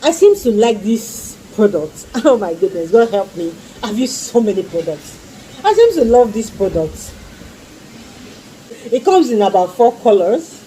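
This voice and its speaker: A woman talks casually about skincare products she loves. Her voice is mellow and warm, and she gushes, breaking again and again into fond exclamations and pleas. Faint noise sits under the recording. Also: mid-range voice, sing-song, a little slow, poor audio. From Nigeria. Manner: gushing, repeats exclamations and pleas. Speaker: skincare vlogger.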